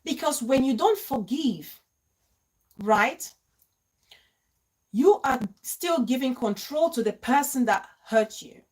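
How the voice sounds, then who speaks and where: Woman live streamer, higher voice, unhurried delivery, gushing greetings to the chat. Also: lively intonation, a little mellow. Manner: effusive, greets viewers by name. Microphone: phone.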